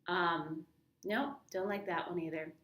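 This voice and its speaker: A woman's voice: lowish voice, steady tone, a little slow, fairly bright tone. A woman teaching a casual Bible study lesson, talking through a verse and leaning on single words to show emphasis. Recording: roomy, from a distance.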